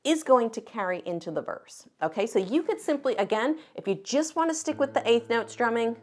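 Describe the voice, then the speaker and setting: A woman's voice: a little high, expressive, a little fast. A woman teaching guitar, explaining step by step in an encouraging, friendly way. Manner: encouraging, explains step by step while counting beats. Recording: guitar music behind the voice. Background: her own acoustic guitar playing.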